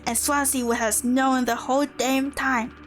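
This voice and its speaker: Woman lowering her voice for a grim, bitter young captain. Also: little pitch movement, measured pace, a little hiss or hum. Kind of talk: reading game dialogue aloud.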